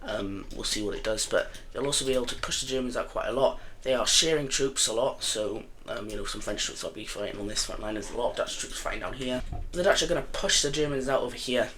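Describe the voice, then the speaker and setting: A man's voice: mid-range voice, fast talker, few pauses, a bit bright, slight background noise. A young man casually narrating a map game, rambling and joking and often correcting himself as he goes. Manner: rambling, chatty, jokey, often corrects himself mid-sentence. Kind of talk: casual commentary over an alternate-history map game.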